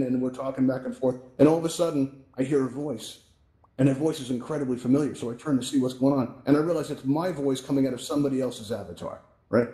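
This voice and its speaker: A man's voice: medium pitch, fast, mellow. A man hosting a VR event, explaining fixes in a casual, upbeat way and often checking in with "right?", speaking through a headset mic. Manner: chatty, upbeat, keeps asking "right?". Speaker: host and presenter of a VR tech event. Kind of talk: casual spoken tutorial. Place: virtual reality event space. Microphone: VR headset microphone.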